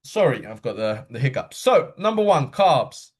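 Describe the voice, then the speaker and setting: Quick-talking casual male running coach. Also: medium pitch, very animated, slightly rough. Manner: casual, quick, with frequent fillers and checks like okay. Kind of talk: live online workshop talk.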